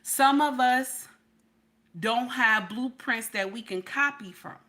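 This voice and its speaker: A woman's voice: on the high side, takes it slowly, pushed and bright. A woman hosting a casual livestream, speaking emphatically to her viewers, repeating herself and asking if they hear what she's saying. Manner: emphatic, repeats lines, talks to chat. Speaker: livestream reaction host.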